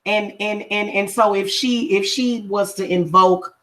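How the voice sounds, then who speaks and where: A woman's voice: mid-range voice, fairly even intonation, unhurried, a bit bright. A woman who reads and does spellwork, talking casually to viewers in a confrontational, emphatic way and repeating her points for stress. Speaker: spiritual practitioner and reader. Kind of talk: casual livestream talk to viewers.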